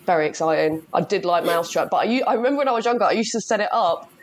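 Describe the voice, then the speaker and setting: A woman co-hosting a casual podcast chat, chatty and quick to laugh and swear. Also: on the low side, lively intonation, a little hiss or hum. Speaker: podcast co-host.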